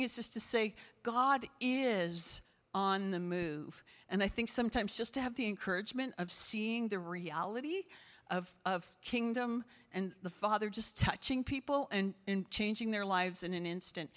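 A woman pastor preaching through a string of testimony stories, with a bright, forceful voice. She restarts her sentences often and leaps up in pitch when she gets excited. Her voice rings with the long reverb of a big hall. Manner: animated testimony, voice jumps high with excitement, frequent restarts. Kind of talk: sermon storytelling.

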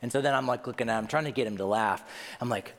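Middle-aged male pastor, animated storyteller, reverb of a large hall. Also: medium pitch, fast talker. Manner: animated storytelling, self-deprecating humor. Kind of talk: sermon.

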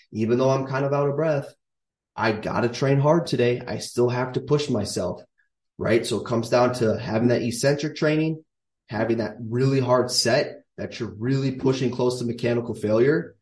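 A man's voice: medium pitch, a little mellow. A man in his thirties coaching on strength training in a casual, emphatic way, repeating his key points. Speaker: fitness coach. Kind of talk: casual instructional talk to camera. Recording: echoey room, voice from a distance.

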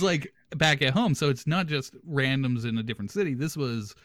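A man's voice: mid-range voice, animated, moderate pace, a bit bright, dry recording, studio quality. A young man hosting a podcast, telling a funny story casually and animatedly, laughing as he goes. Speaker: podcast host.

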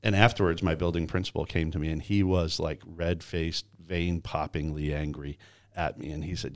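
A man hosting a podcast interview, telling a story in a lively way and acting out the quoted voices. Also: a bass voice, brisk. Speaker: podcast host.

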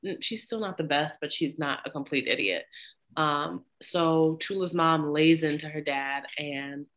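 A woman's voice: low-pitched, a little slow, rough recording. A young woman co-hosting a podcast, recapping a movie in casual, blunt and profane chat. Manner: blunt, profane, animated storytelling. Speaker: podcast co-host.

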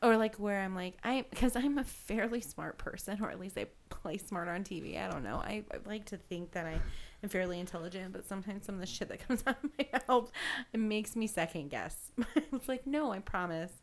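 A woman's voice: mid-range voice, fairly quick. A woman in her thirties co-hosting a casual chat, rambling and self-deprecating, laughing often. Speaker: podcast co-host.

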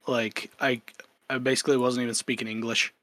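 A man with a slight stutter chats candidly on a podcast, restarting words and joking at his own expense. His voice is bright and dry, close to the mic. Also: mid-range voice, level tone, brisk, no room sound. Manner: candid, self-deprecating, many restarts. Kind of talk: casual podcast chat.

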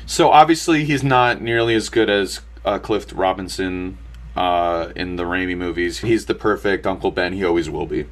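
A man's voice: deep voice, moderate pace. A young man co-hosting a casual movie review chat, rambling with lots of fillers and restarts. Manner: rambling, many fillers and restarts, laughs often. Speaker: podcast co-host.

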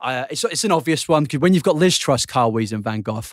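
A man's voice: mid-range voice, expressive, fast talker, no echo, studio quality. A young man co-hosting a podcast, rambling and sweary, laughing often through casual banter. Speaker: podcast co-host.

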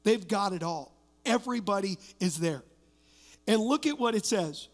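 A man's voice: high voice, animated, normal speed. A middle-aged male pastor preaching an emphatic sermon, weaving personal stories into declarations. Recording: long reverb of a church hall.

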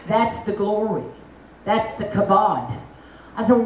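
A woman's voice: medium pitch, a little slow. Woman preaching in an echoey hall. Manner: lively storytelling with folksy asides. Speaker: evangelist. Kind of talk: testimony preaching. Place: church meeting hall. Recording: echoey hall, mic at a distance.

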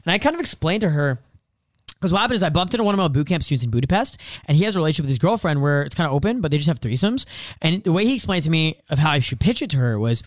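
A man's voice: a little high, very animated, very fast, no echo, studio quality. A young man chatting as a podcast co-host, telling crude stories bluntly and acting out quotes. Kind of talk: casual chat.

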